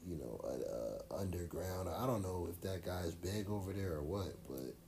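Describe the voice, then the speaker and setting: Deep, mellow-voiced man chatting casually. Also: animated, moderate pace, slight background noise. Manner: laid-back, rambling, uses slang and fillers. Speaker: podcast co-host. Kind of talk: casual chat.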